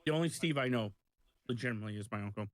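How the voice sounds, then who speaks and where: A man with a mid-pitched voice talks casually during a game stream. He rambles through his stories and swears when annoyed. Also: racing, no echo. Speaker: co-op gaming streamer. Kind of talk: casual chat while gaming.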